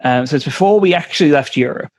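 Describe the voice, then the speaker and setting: A man co-hosting a podcast, playful in casual chat, with frequent hesitant pauses. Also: a little high. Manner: playful, many "um" pauses, quick laughs. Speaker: podcast co-host.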